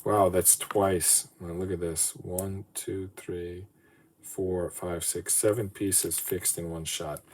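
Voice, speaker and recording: A man's voice: low voice, slow. A podcast host talking casually to himself as he assembles a model, rambling and self-deprecating. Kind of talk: casual solo talk while building a model. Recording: steady background noise.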